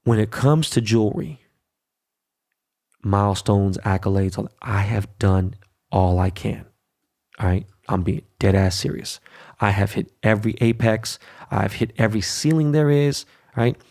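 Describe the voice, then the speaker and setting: A brash middle-aged man talking straight into his own podcast mic. His voice sits low with a gravelly edge, and he talks blunt and profane, leaning on "right?" and "okay?" to drive points home. Casual monologue, no script. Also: unhurried, darkish tone. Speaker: podcast host.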